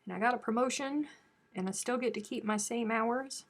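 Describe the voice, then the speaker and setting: A woman's voice: fairly high pitch, a little fast. A woman from the American South with a Southern accent, hosting a casual live chat with viewers and telling chatty stories. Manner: chatty storytelling, animated when telling stories. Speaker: crochet live stream host.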